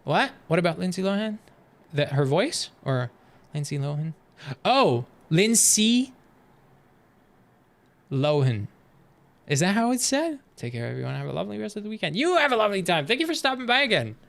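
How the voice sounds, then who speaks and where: A man streaming live, chatting casually with his viewers as he reacts to videos, animated and swearing freely. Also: high voice, moderate pace, vocal fry, pauses often.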